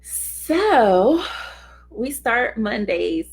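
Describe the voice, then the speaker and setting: A woman's voice: on the high side, big pitch swings, drawn-out words, husky. A middle-aged woman hosting a casual motivational talk, speaking earnestly and conversationally and acting out short quoted remarks. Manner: earnest, conversational, acts out little quoted voices. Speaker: host of a self-help talk.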